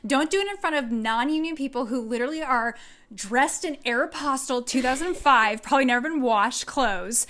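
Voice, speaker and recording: Woman co-host, high voice, expressive casual storyteller. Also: a little fast, a little hiss or hum. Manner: animated, expressive storytelling with lots of "like". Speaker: podcast co-host. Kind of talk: casual chat.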